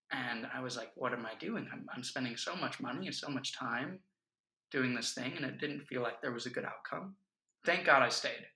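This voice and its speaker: A man's voice: mid-range voice, creaky, bright, forceful tone. A man in his twenties, a podcast guest, telling stories in an earnest, reflective way. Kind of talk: casual chat. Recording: echoey room.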